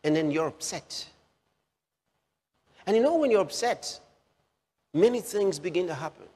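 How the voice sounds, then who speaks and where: A man's voice: high voice, expressive, unhurried, mellow, breathy edge. Preacher man with a ringing hall echo. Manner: repeats phrases for emphasis, asks listeners questions. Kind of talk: sermon.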